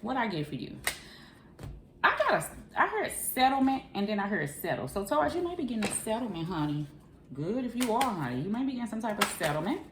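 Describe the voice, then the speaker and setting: A woman's voice: fairly high pitch, sing-song, fast talker. A woman doing a casual tarot reading in a chatty, familiar way, calling the listener boo and honey. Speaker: tarot reader. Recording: echoey room, faint hiss.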